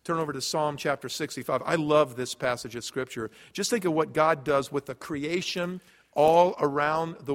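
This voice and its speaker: A man pastor preaching a sermon, earnest, stumbling into quick restarts as he tells a story. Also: a little high, fairly bright tone. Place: large church sanctuary. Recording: long hall reverb.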